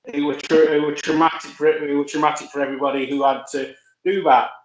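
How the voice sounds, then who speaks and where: A man's voice: fairly high pitch, flat delivery, quick pace, slight background noise. A man telling rambling, self-correcting stories as a podcast guest. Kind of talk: casual anecdote chat. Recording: roomy echo.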